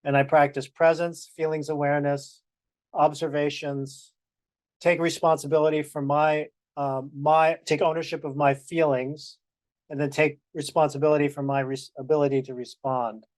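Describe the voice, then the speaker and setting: A man with a fairly high voice talks earnestly through his own practice, pausing and drawing out the words that matter to him. The sound is dry and close, as on a video call. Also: flat delivery, no room sound. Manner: earnest, reflective, slows down on key phrases. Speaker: practice group participant. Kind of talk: personal sharing in a practice group.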